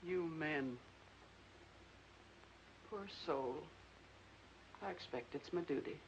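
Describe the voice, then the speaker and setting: An actress playing a plainspoken older farm aunt with a dry, folksy way of talking, in a 1940s film. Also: female voice, low-pitched, slow. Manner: folksy rural speech, dry tartness. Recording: muffled old film soundtrack with faint hiss.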